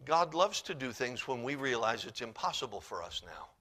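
A man preaching a sermon, reading scripture in old-fashioned wording and swinging between hushed, quiet passages and loud, emphatic ones. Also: mid-range voice, very animated, moderate pace. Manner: reads scripture in King James wording.

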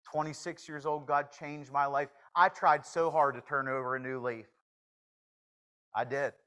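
A man preaching a sermon in a folksy, joking manner, swinging from hushed confession to loud exclamations. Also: medium pitch, fairly even intonation, measured pace, poor audio. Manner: shifts from hushed to shouting.

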